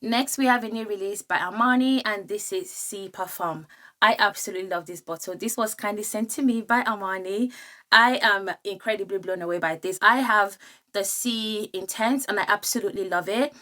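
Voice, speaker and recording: A woman's voice: mid-range voice, normal speed, sharp tone. A young woman reviewing perfumes in a gushing, enthusiastic vlog style. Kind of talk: casual product review vlog.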